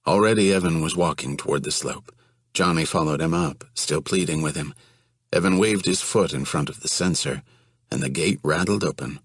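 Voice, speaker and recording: A man reading an audiobook in a steady, even storytelling manner. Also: extremely low pitch, normal speed, slightly rough, no echo, studio quality. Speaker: audiobook narrator. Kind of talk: audiobook narration.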